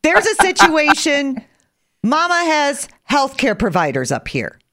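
A woman's voice: high-pitched, wildly swooping pitch, unhurried, pushed and bright. A woman hosting a radio show, talking in an emphatic, insistent way. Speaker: radio host. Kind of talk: casual radio chat.

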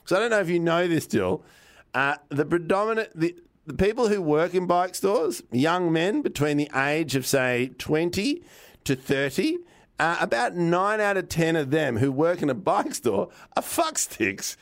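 A man's voice: fairly high pitch, sing-song, a little slow. A man with an Australian accent, co-hosting a podcast and telling a story casually, swearing freely and acting out both sides of the conversation. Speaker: podcast co-host.

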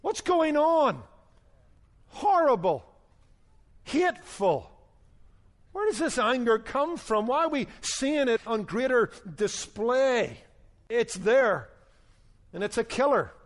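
A man's voice: very high voice, expressive, measured pace. A male Bible teacher giving a radio sermon, telling stories and acting out their dialogue. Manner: storytelling preacher, acts out dialogue in his story.

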